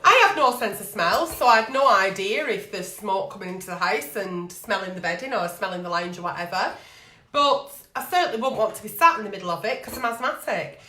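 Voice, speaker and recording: Blunt sweary agony aunt. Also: female voice, medium pitch, expressive, fairly quick, bright, forceful tone, reverberant. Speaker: agony aunt show host. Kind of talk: live-streamed advice chat.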